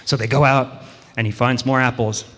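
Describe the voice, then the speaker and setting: A man's voice: mid-range voice, steady tone, normal speed, a bit bright. A man telling a children's story at a worship service, playful and chatty with the children listening. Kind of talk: children's story told to a congregation. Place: church sanctuary. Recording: long hall reverb in a sanctuary.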